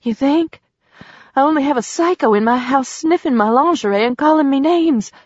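A frightened yet defiant young woman, tense and sarcastic, voice lifted higher, as a woman narrator plays her. The recording is dry and muffled. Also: normal speed, no room sound, lightly acted.

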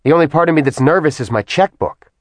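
A woman's voice: deep voice, animated, dry recording, voice pushed up. A male narrator voicing a sarcastic young woman fighter who mocks her enemies. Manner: mocking, quick wisecracks.

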